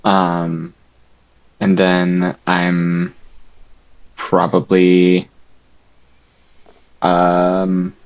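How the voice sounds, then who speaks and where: Man, tabletop player, very slow drawl, hesitant with many ums, muffled lo-fi sound. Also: low-pitched, completely flat delivery. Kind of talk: tabletop role-play, describing his character.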